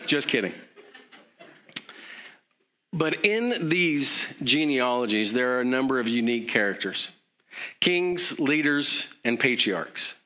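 A man's voice: medium pitch, sing-song, slow pace, long pauses, bright, forceful tone. A man preaching a sermon in a conversational way, with joking asides and frequent fillers. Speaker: pastor.

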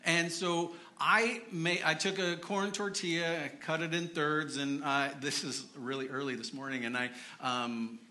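Brief: male preacher, casual sermon, bright higher voice, chatty and self-deprecating, echoey church. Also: fairly even intonation, measured pace, few pauses. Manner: chatty, self-deprecating, with many fillers and restarts.

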